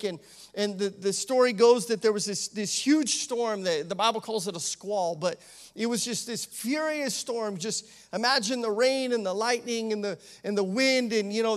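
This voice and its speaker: Man, associate pastor, very high voice, conversational sermon, animated, lots of amens. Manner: conversational preaching with frequent "you know" and "amen"; animated, acts out the disciples' pleading.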